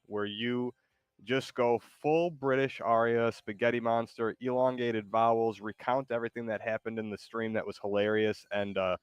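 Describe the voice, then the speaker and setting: A man's voice: mid-range voice, clear, resonant tone, dry recording. A man hosting a stream in casual chat, rambling and hesitant with lots of fillers. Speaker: streamer host.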